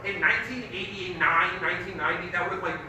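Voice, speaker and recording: A middle-aged male stand-up comedian with a high voice, telling profane, animated stories full of acted-out quotes. He sounds distant and echoey, as if picked up from across a big theater hall. Audience noise sits clearly underneath. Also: fast talker. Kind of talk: live stand-up set. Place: live theater stage.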